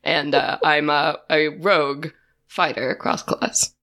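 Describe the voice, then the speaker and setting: A woman introduces her game character in a cheerful way, laughing along as she goes. Her voice has a gravelly edge and sounds bright and forceful. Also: deep voice, fairly even intonation, takes it slowly. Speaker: game player. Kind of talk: casual self-introduction.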